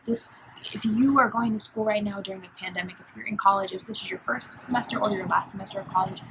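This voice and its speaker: A woman's voice: medium pitch, quick pace, noisy background. Candid young woman vlogging from her dorm. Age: 20s. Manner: candid, emotional, lots of fillers like "like" and "um". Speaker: college student vlogger. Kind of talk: casual confessional vlog.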